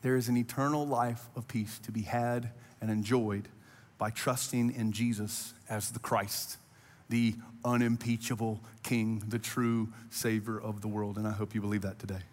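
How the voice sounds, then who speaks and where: A man's voice: on the low side, little pitch movement, moderate pace, darkish tone, long reverb tail. A man preaching a sermon as pastor, earnest and conversational, building to impassioned rising appeals. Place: church auditorium.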